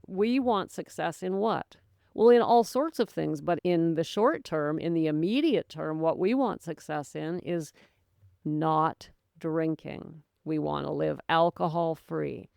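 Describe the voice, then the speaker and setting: A woman's voice: low voice, creaky, a little mellow, no echo, studio quality. A woman hosting her own sobriety podcast, talking straight to the listener in an earnest, encouraging, folksy way. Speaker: podcast host, sobriety coach. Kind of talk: motivational solo talk.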